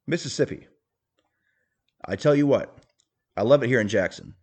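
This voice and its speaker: A man's voice: medium pitch, animated, moderate pace, a little mellow, breathy edge. A man doing a stiff, boastful rich politician. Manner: stiff, folksy bragging with clumsy jokes. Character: awkward, boastful rich male politician on a state-by-state tour. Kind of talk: comedic impression monologue.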